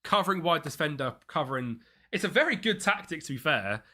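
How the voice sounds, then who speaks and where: A man's voice: fairly high pitch, big pitch swings, brisk, pushed and bright. A man chatting as he streams a football management game, reacting to the match and his chat. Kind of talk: live gameplay commentary.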